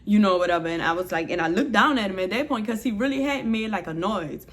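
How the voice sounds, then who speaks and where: A woman's voice: medium pitch, quick pace. New woman telling her story. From New Orleans, USA. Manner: candid, expressive retelling, heavy use of "like". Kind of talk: storytime vlog.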